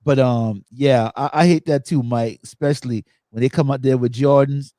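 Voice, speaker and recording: A man hosting a podcast in casual chat, telling funny stories with animated energy and acting out quotes. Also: mid-range voice, normal speed, no echo. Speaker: podcast host.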